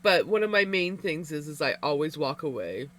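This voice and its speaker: A woman's voice: low voice, big pitch swings, normal speed, fairly bright tone. A woman livestreamer chatting casually with viewers while knitting, candid and rambling, laughing often.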